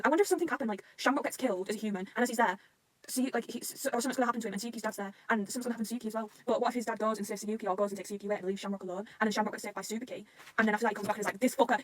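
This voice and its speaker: A woman reacting to a manga arc, rambling and swearing often, swinging between rants and excitement. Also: a little high. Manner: swears constantly, rambling, quick emotional swings.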